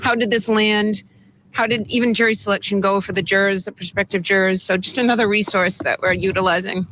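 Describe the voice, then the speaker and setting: A woman's voice: mid-range voice, fairly even intonation, fairly quick, fairly bright tone, slight background noise, low-quality recording. A woman giving brief remarks to reporters while eating a snack. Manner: talking with food in her mouth. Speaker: defendant speaking to press.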